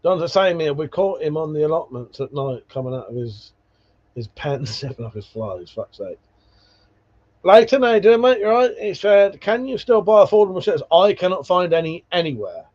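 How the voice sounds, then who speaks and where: A livestream host chats casually, reading viewer comments and wandering through stories full of swearing and laughs. He has a slightly high, sing-song voice with a darkish tone and a moderate pace. The lo-fi stream audio is dull.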